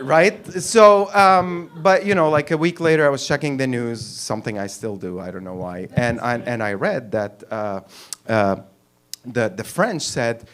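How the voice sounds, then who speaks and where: This man from the Arab world performs stand-up at a club, mic in hand, in a crude, animated, wandering style. His fairly high voice has a clean tone and a moderate pace.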